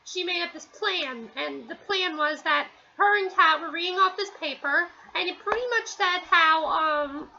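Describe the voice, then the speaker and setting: A woman's voice: very high voice, a little slow, few pauses, pushed and bright, muffled recording, a little hiss or hum. A woman giving a casual, rambling spoken review at home, with many fillers and restarts. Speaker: TV episode reviewer.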